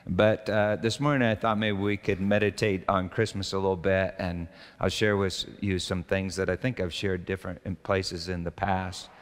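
A man's voice: sits low, flat delivery, normal speed, few pauses, long reverb tail. An older man, a pastor, giving a conversational sermon with stories, fillers and restarts.

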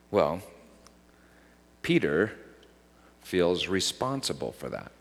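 A man preaching a sermon, swinging from loud, raised lines to hushed, dropped ones. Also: fairly high pitch. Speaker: pastor. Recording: long hall reverb.

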